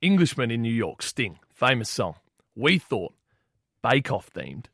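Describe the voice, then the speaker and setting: A man's voice: medium pitch, sing-song, unhurried, creaky, a bit bright, slightly rough, faint music behind. A man, cohosting a podcast in casual, joking banter. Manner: laughing, joking. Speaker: podcast co-host.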